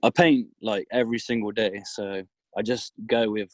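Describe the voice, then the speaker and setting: A man's voice: fairly low pitch, fairly even intonation, moderate pace, dry recording. Hesitant man shivering in a car. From United Kingdom. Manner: hesitant, modest, many ums. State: shivering from cold. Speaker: artist guest. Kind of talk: casual interview answers. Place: parked car.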